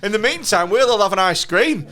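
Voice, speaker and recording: Sweary, animated comedy podcast host. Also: male voice, high voice, a little fast. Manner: crude, sweary, laughs often. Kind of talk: casual comedic chat.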